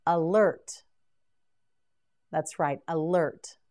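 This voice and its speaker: Slow, deliberate woman drilling vocabulary. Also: sits low, a little mellow. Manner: clear, deliberate word-by-word pronunciation. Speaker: English vocabulary teacher.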